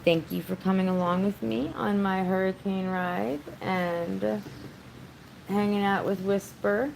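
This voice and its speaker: A woman's voice: medium pitch, fairly even intonation, a little slow, vocal fry, darkish tone, slight background noise, rough recording. A woman vlogger chatting casually on a livestream from her home during a storm, doting on her dog.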